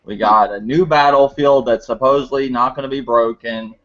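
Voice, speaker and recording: A man's voice: medium pitch, steady tone, normal speed, fairly bright tone. A man co-hosting a casual podcast who rambles with many fillers. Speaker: podcast co-host. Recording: muffled lo-fi audio.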